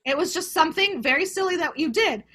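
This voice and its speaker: A woman, an actor guest in a casual chat, jumping in with quick agreements. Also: very high-pitched, animated, sharp tone. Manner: chatty, jumps in with short agreements.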